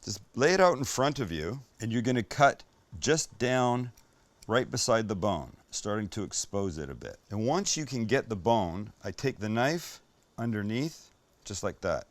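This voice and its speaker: A man's voice: fairly low pitch, very animated, moderate pace. A man hosting a cooking show, talking viewers through each step in an irreverent, joking way with the odd swear word. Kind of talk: casual cooking demonstration.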